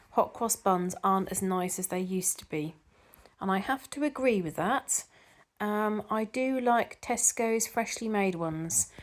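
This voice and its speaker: A middle-aged woman chats to her viewers in an easy, rambling way, reading out their comments and answering them. She talks at an ordinary pitch, with plenty of ums and restarts. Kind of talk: casual chat to camera.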